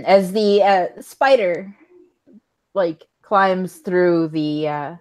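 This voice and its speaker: A woman's voice: on the low side, drawn-out words, darkish tone, poor audio. A woman running a tabletop role-playing game, narrating the scene in a laid-back way with many fillers and laughs. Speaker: game master.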